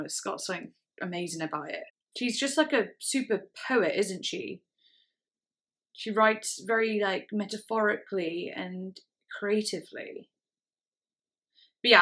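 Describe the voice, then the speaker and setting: Over faint background music, a music reaction host explains singing technique with casual enthusiasm, dropping "like" often. She speaks in a mid-range, fairly bright voice at a moderate pace.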